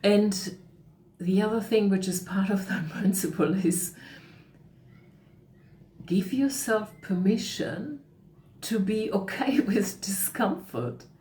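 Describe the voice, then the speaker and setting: A middle-aged woman speaking as a coach in a calm, reflective way, sometimes acting out the thoughts in someone's head. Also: medium pitch, slow pace, long pauses. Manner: calm, reflective, acts out inner voices. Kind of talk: talk on emotional coaching. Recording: echoey room with faint noise.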